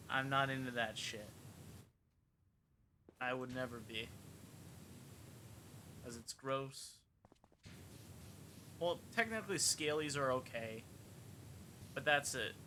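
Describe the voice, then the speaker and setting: A man with a bright, forceful voice chats loosely while he plays a cleaning game on stream. He rambles, jokes and talks to himself between tasks, with faint noise behind him. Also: mid-range voice, takes it slowly, long pauses, rough recording. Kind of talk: casual gameplay commentary.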